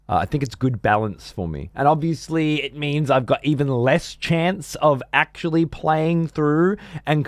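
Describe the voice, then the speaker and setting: A man's voice: mid-range voice, dry recording. A middle-aged man streaming games, chatting casually in a rambling, profane way with many restarts. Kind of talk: casual gaming stream chat.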